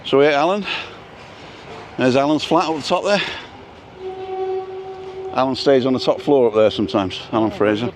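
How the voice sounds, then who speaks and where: A man's voice: mid-range voice, moderate pace, long pauses. A middle-aged man from North Manchester, chatting casually and joking through rambling memories while walking. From North Manchester, England. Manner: jokey, rambling reminiscences. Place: outdoors on a town street. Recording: faint outdoor street noise.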